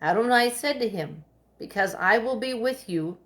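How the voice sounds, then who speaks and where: A woman reading Bible passages aloud during a study, in a measured, careful way. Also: a little high, lively intonation, fairly bright tone. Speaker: scripture reader.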